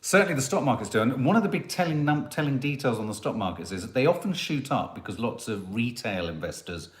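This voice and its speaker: A British man chats casually as co-host, reading out viewer comments with a teasing edge. His pitch swings lively up and down. The room around him rings with echo. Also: fast. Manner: chatty, teasing, reads out comments. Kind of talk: casual live chat. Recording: echoey room.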